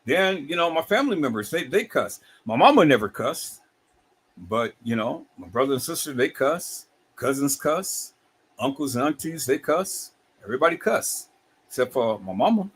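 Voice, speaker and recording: A middle-aged man hosting a livestream, talking in an animated, preachy way with many repeated words. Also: medium pitch, normal speed, breathy edge. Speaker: livestream host.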